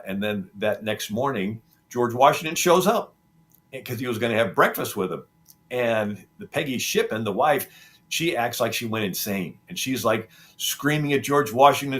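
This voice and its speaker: A man's voice: mid-range voice, expressive, normal speed, a bit bright. A man being interviewed as a historian, retelling history in a rambling conversational way with frequent ums and restarts. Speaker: historian guest. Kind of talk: conversational storytelling.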